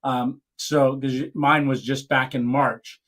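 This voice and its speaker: A man's voice: medium pitch, little pitch movement, unhurried, fairly bright tone. A man hosting a casual live stream chat, speaking in an earnest, emotional way.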